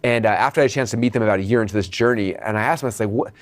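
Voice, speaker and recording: A man teaching an online business course in an energetic, motivational style, speaking straight to the viewers and often checking in with "okay?". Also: lowish voice, racing. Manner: addresses viewers as "you guys". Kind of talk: motivational video training.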